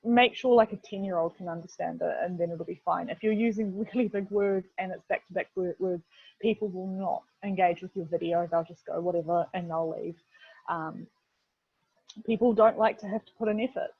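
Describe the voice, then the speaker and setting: A woman's voice: fairly low pitch, fairly even intonation, moderate pace, creaky, slightly rough, dry recording. A woman with a New Zealand accent giving a casual, chatty webinar lesson, full of fillers and the word "literally". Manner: chatty, filler-heavy, keeps saying "literally". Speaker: webinar presenter, video production head. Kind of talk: casual instructional webinar talk. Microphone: video call. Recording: dull, dry lo-fi video-call audio.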